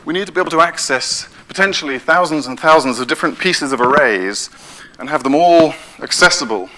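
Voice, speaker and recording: A man giving a technical conference talk, briskly explaining with frequent self-corrections while pointing at his slides. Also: fairly high pitch, animated, pushed and bright. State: out of breath. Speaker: conference speaker.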